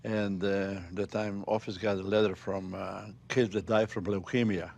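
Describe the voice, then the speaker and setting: A man with a gravelly, creaky voice and a fairly low pitch, telling a story. His English is halting, with simple grammar and frequent "you know"s. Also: little pitch movement, darkish tone. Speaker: retired pro wrestler. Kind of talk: casual storytelling.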